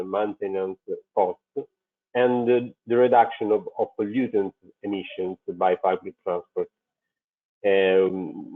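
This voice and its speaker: Halting, male presenter, low voice, slow delivery, tinny video-call audio. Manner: halting, many fillers and restarts. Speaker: transit company presenter. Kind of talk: webinar presentation. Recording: phone-like narrow sound.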